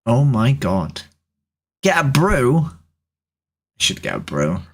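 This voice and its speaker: Husky trans woman host, bouncy pitch, teasing strangers on a video chat. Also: takes it slowly. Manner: teasing, joking, animated. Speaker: livestream host chatting with strangers. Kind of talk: casual chat. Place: home room, seated at camera.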